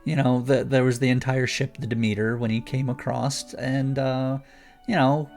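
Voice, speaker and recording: A man's voice: mid-range voice, flat delivery, normal speed, creaky, a little mellow, soft background music. A man speaking as a guest in a casual chat, explaining things eagerly and rambling with many restarts. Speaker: guest author.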